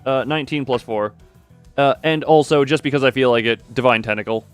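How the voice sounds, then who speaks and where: A man streaming a game, rambling excitably as he reads the story and rolls dice for his chat. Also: mid-range voice, a little fast, clear, resonant tone, faint music behind.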